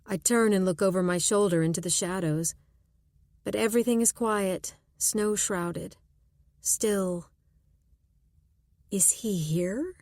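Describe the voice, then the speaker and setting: A woman narrating a suspense audiobook in first person, measured and tense. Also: mid-range voice, a little mellow, no echo, studio quality.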